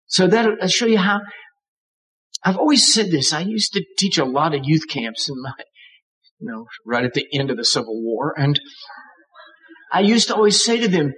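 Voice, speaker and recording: A man's voice: on the high side, fairly bright tone, low-quality recording. An older man preaching a sermon, with dramatic emphasis and acted-out voices. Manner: dramatic, acts out voices of God and characters.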